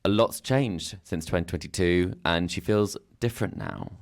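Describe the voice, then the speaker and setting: A man co-hosting a podcast, talking through the matches in a measured, analytical way. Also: sits low, gravelly. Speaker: podcast co-host. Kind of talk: casual analysis chat.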